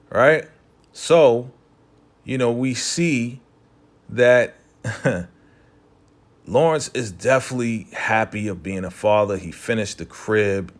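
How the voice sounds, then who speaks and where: Chatty man recapping a TV episode. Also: on the low side. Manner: loose and chatty, heavy on "you know" and "right?"; briefly voices characters while retelling scenes. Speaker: TV recap host.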